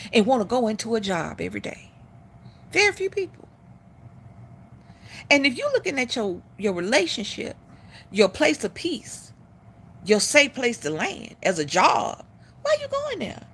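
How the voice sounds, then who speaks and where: Sassy, blunt high-voiced woman. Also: vocal fry, fairly bright tone, slight background noise. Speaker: live stream host. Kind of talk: casual opinion talk.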